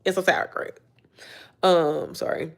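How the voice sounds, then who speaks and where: A woman in her thirties hosts a casual motivational livestream in a fairly low, creaky voice, speaking slowly. She's animated and profane, calling viewers "baby" and "y'all" as she reads their comments aloud and answers them.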